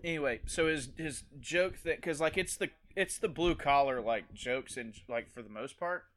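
Rambling young man telling stories. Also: normal speed. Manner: rambling, loose storytelling with many fillers, bursts into loud high impressions. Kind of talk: casual chat.

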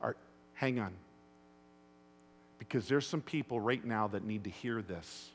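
A man's voice: lowish voice, measured pace, slight background noise. A man preaching a sermon to his congregation. He tells stories and keeps asking the room rhetorical questions. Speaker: pastor. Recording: long hall reverb.

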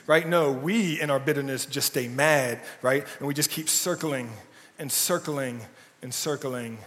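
A man's voice: mid-range voice, measured pace, fairly bright tone, in a large hall. A man preaching a casual, humorous sermon, often checking in with "right?". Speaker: pastor. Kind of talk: conversational sermon. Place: church sanctuary.

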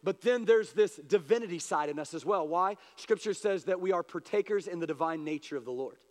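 High-voiced preaching man in a reverberant hall. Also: expressive, brisk. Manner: swings from hushed, low asides to raised, pleading prayer voices. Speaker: pastor. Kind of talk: sermon.

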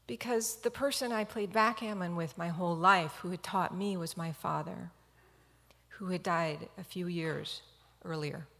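A woman's voice: fairly low pitch, vocal fry, a bit bright, big-room sound. A woman physician telling a personal story in an earnest, reflective talk.

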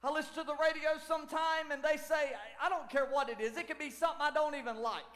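Male pastor, very high voice, animated preaching from shouts to hushed lines, long hall echo. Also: fast. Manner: animated preaching, shouting at peaks and dropping to near whispers. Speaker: lead pastor. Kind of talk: sermon. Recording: long church hall reverb.

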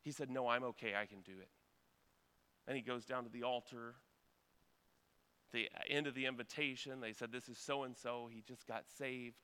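A man's voice: medium pitch, fairly even intonation, moderate pace, pauses often, pushed and bright, clean tone, big-room sound. A man preaching a sermon in a church, telling a story earnestly and urging his listeners on. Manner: earnest storytelling, rising to urgent exhortation.

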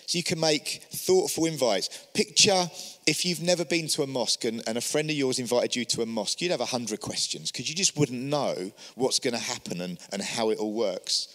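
A man's voice: mid-range voice, moderate pace, fairly bright tone, long reverb tail. A man giving an encouraging church teaching talk, speaking earnestly and asking many rhetorical questions. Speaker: church leader.

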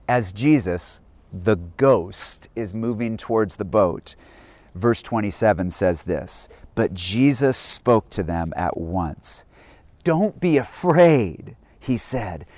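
A man preaching a sermon, reading scripture and then explaining it, sometimes hushed and sometimes loud and emphatic. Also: on the low side, dry recording. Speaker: pastor.

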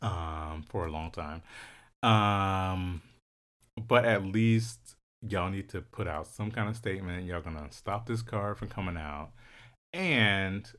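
A man co-hosting a podcast in casual chat, expressive and quick to laugh, sometimes mimicking voices. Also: deep voice. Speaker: podcast co-host.

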